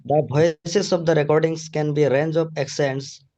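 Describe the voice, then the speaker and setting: Man reading aloud slowly over dull call audio. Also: fairly high pitch, steady tone, dark tone. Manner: slow, careful, formal reading. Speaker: student. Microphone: video call.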